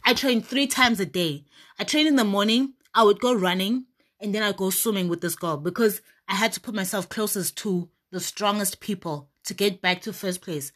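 A young woman speaking in a motivational faith talk, voice at a middle pitch. She tells her own story emphatically, with sudden loud, animated bursts.

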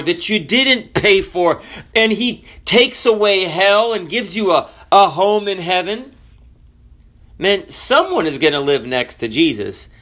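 A preacher with a high, bright voice delivers a sermon at an unhurried pace. He swings from loud cries down to hushed drops and keeps asking his listeners questions.

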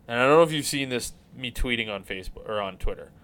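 Male podcast host, mid pitch, very expressive, casual and rambling. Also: fast. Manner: animated, rambling, swears casually. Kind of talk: casual chat about hockey.

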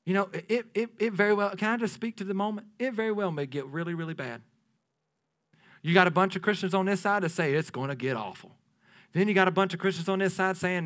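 A man preaching a sermon, lively and playful, swinging from loud declarations down to hushed near-whispers. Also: high-pitched, fast talker. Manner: playful asides with laughter to the congregation.

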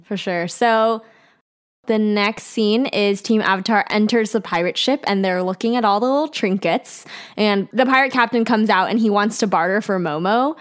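A woman's voice: mid-range voice, smooth. Young woman chatting away on a podcast, recapping scenes and giggling along. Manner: chatty, acts out quoted lines with giggles. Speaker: podcast co-host. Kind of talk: casual recap chat.

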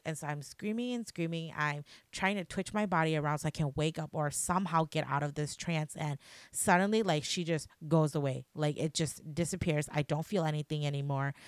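Woman, young adult, low-pitched, chatty storyteller, filler-heavy, swears a bit, dry sound. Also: dry recording. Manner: animated, chatty, lots of "like" fillers; swears casually. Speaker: podcast host. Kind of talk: casual storytelling.

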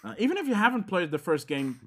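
A man's voice: high-pitched, very animated, quick pace, a bit bright. A man, chatting casually on a podcast and rambling with lots of fillers and restarts. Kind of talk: casual chat about games.

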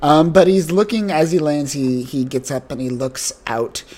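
A man's voice: on the high side, normal speed, darkish tone. A man co-hosting a casual podcast, recapping a comic story in a rambling, joking way with many fillers. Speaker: podcast co-host.

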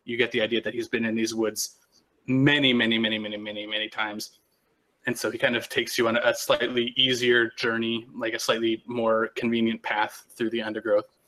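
A man's voice: medium pitch, flat delivery, a little fast, pushed and bright. A man narrating as game master of a tabletop game, rambling and restarting often.

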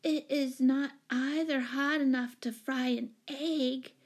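A woman reading a storybook, voicing a solemn little girl who speaks slowly and reproachfully. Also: sits high, steady tone, slightly rough, pitched above the performer's own voice, exaggerated voice.

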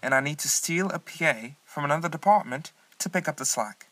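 A man's voice: fairly high pitch, expressive, brisk, fairly bright tone. An actor playing a foul-mouthed, bossy male head of wardrobe who talks abrasively. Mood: angry. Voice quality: abrasive, swearing.

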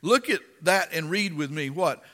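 A man preaching a sermon and reading scripture aloud, impassioned and dramatic, rising to loud emphasis. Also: on the high side, animated, normal speed, in a large hall.

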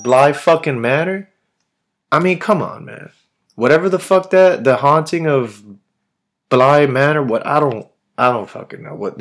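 Rambling, foul-mouthed podcast man. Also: fairly high pitch. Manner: rambling, swears constantly, slangy. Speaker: podcast host. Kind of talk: casual chat.

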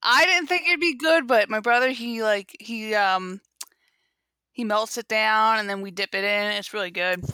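A woman's voice: on the high side, moderate pace, sharp tone, clear, resonant tone, no echo. A young woman co-hosting a casual chat, recapping a show with lots of "like" fillers. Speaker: podcast co-host.

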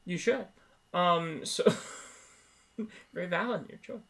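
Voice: mid-range voice, a little slow, creaky, sharp tone. A person in their twenties co-hosting a casual movie-review podcast, rambling into tangents and laughing often. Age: 20s. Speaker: podcast co-host.

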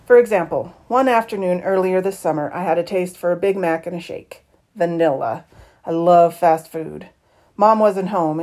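A woman reading a novel aloud in the first person, with expressive, lively shifts in tone. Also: on the low side. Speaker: audiobook reader.

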